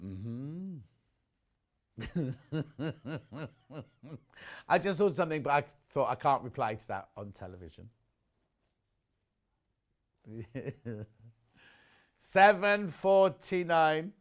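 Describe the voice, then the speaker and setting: A man presenting on a live shopping channel, chatting warmly about fabrics and reading out viewer messages. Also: mid-range voice, animated, very slow, long pauses. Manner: chatty, gushing over products, reads viewer messages aloud. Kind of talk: live TV sales chat. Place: TV studio.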